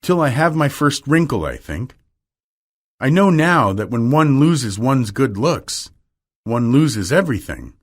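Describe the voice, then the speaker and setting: A man's voice: medium pitch, big pitch swings, measured pace, pitched above the performer's own voice. A man reading aloud and voicing a vain young man in despair, speaking in a pleading, emotional way. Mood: anguished.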